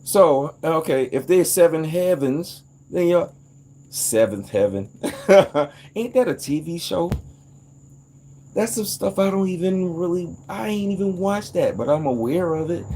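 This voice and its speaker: A man in a casual, rambling monologue, animated and profane, jumping into sudden high outbursts. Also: a little slow. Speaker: vlogger.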